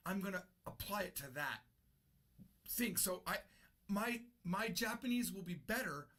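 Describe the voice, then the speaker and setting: Husky man teaching a language lesson. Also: high voice, bright, forceful tone. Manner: explains patiently and repeats key points. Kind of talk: unscripted classroom-style lesson.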